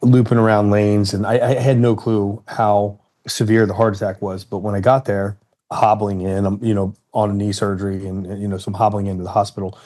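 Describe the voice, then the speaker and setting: A man in his fifties from Ohio, telling a personal story in an interview in a measured, earnest way. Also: fairly low pitch, level tone, mellow. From Cincinnati, Ohio, United States. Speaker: interview guest, retired fighter.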